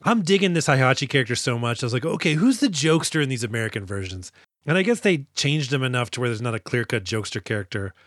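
A man's voice: mid-range voice, big pitch swings, fast, dry recording. Dry-sounding jokey male podcast host. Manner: jokey, retells scenes with put-on quotes. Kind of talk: casual movie-review chat.

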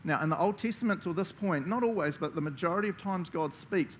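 A man's voice: sits high, lively intonation, brisk, few pauses, slight background noise. A man with a New Zealand accent preaching a conversational sermon, enthusiastic and chatty, laughing often as he talks. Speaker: pastor.

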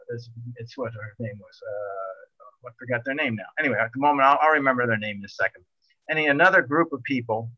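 A middle-aged man spins a sailing tale in a loose, animated way, stumbling and restarting as he goes. His voice is bright and forceful. The recording is dry and slightly dull. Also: medium pitch, dry recording. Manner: rambling, animated, with many restarts. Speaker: guest telling a sailing story. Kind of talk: casual storytelling.

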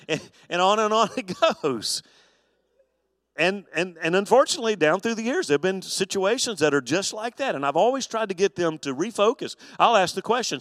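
A man's voice: high-pitched, expressive, moderate pace, a bit bright, dry recording, studio quality. A man, a pastor, teaching an adult Bible study in a conversational, folksy preaching style with homespun stories.

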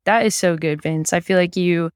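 A man's voice: high voice, fairly even intonation, normal speed, clean tone, no echo, studio quality. A man co-hosting a conversation, chiming in with short encouraging remarks. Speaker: co-host.

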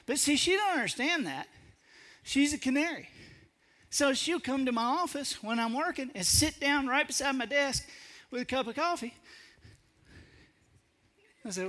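A man giving a humorous storytelling talk to an audience, animated and self-mocking, using colloquial speech full of stammering restarts. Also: extremely high pitch, normal speed, pauses often. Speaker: public speaker.

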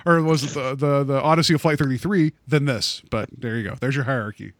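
A man's voice: mid-range voice, fast, dry recording. A man co-hosting a podcast, recapping a TV episode in casual chat, rambling with many fillers and restarts. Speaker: podcast co-host.

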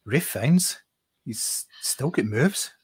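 A man chatting casually about a film, relaxed and halting with many restarts. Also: mid-range voice. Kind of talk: casual film review chat.

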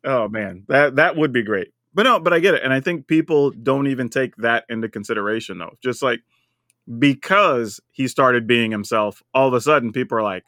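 In studio-quality audio with no room sound, an animated man co-hosting a podcast muses in casual conversation. His voice is mid-range, and he talks at an ordinary pace.

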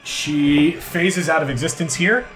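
A man's voice: a little high, a little slow, fairly bright tone, roomy sound, faint music behind. A man running a tabletop game as game master, narrating scenes and ruling on rolls with easy laughs.

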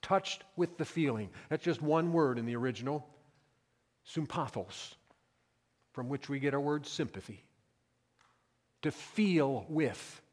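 A man's voice: medium pitch, expressive, unhurried, long pauses, a little mellow, big-room sound. A man preaching a Sunday sermon as pastor, earnest and emphatic, in a church. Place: church sanctuary.

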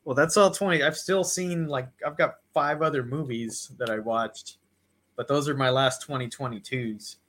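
A man's voice: medium pitch, normal speed, a bit bright. A man co-hosting a casual podcast, easygoing, giving brief replies and laughing along. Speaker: podcast co-host.

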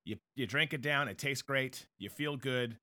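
A man's voice: medium pitch, moderate pace, pushed and bright. A man hosting a live online talk show, chatting casually, joking, reading out viewer comments and ad reads. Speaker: host of a live political show.

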